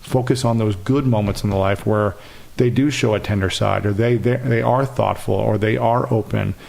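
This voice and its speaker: In a casual interview conversation, a podcast guest in his thirties earnestly tells stories about himself, animating them with acted-out quotes. His voice sits on the low side with vocal fry, and he speaks at a moderate pace.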